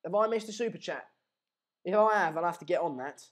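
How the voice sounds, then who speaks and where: An energetic young man rambles through a casual live football chat stream. His talk is jokey and self-mocking as he jumps between the match and his viewers' comments. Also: high voice, brisk.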